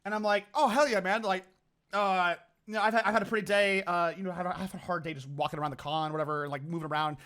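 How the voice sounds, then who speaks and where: A man's voice: high voice, fairly even intonation, quick pace, a bit bright. A man chatting casually as a vlogger, swearing and telling stories with animation. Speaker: vlogger and streamer. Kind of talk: casual chat with a friend.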